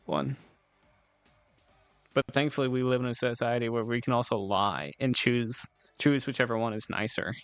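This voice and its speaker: A man's voice: mid-range voice, normal speed, a bit bright, no room sound, faint music behind. Rambling laid-back young man streaming. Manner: rambling, laid-back, swears casually, giggles often. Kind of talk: casual chat with live chat.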